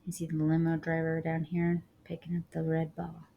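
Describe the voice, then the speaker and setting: A woman reading a picture book aloud with lively expression, dropping casual asides to her listeners. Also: low-pitched, normal speed, creaky, narrow, tinny audio. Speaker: storyteller.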